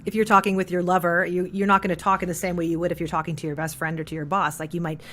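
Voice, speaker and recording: A trans non-binary voice teacher in an interview, explaining how voices are shaped and demonstrating pitch and resonance shifts. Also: level tone, rapid-fire, a bit bright.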